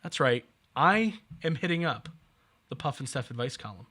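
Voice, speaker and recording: A man's voice: medium pitch, animated, normal speed, bright, forceful tone, slightly rough. A man co-hosting a podcast, telling stories in casual chat with wry asides. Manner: chatty storyteller, wry asides. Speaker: podcast co-host.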